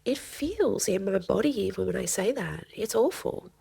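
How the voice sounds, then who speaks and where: A middle-aged woman counselor who is a guest on a podcast, speaking earnestly and gently and repeating phrases for emphasis. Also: mid-range voice, lively intonation, brisk, gravelly, slightly rough, no room sound. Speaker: family and child counselor guest. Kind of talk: podcast interview conversation.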